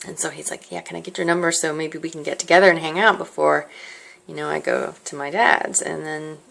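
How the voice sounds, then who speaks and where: Low gravelly-voiced woman telling a story. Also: fairly even intonation, fairly quick, a bit bright. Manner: chatty, rambling, many fillers and self-asides. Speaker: vlogger. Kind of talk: casual storytelling to camera. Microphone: handheld device held close.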